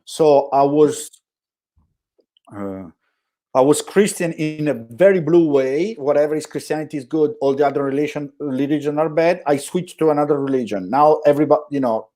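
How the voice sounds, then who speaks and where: A man with an Italian accent, a guest telling animated stories in a conversational interview, often restarting his sentences. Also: medium pitch, moderate pace. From Italy. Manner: animated storytelling with frequent restarts. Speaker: guest storyteller.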